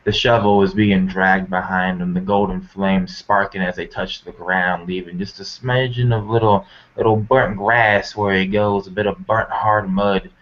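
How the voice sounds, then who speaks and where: A man's voice: deep voice, flat delivery, moderate pace. A man playing a tabletop game, vividly narrating his character's actions in a folksy way. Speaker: player. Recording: muffled lo-fi recording.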